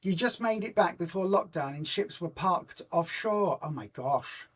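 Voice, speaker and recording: A woman's voice: mid-range voice, moderate pace. A woman hosting a casual live stream for her weight loss group, rambling through stories and answering viewer comments. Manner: rambling, chatty storyteller who retells conversations in reported speech; homely and informal, many ums and restarts.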